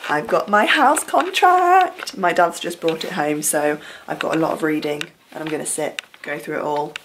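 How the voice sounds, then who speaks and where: A woman's voice: low-pitched, moderate pace, poor audio. A young woman, chatting casually to camera in an upbeat, breathless way as a cycling vlogger. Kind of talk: casual vlog chat to camera.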